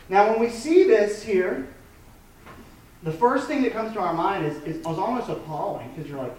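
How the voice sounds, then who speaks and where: A man's voice: sits high, big pitch swings, moderate pace, darkish tone, a little hiss or hum. Male pastor, thirties, conversational sermon with restarts; distant mic, heavy room echo. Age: 30s. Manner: conversational, with frequent restarts and fillers.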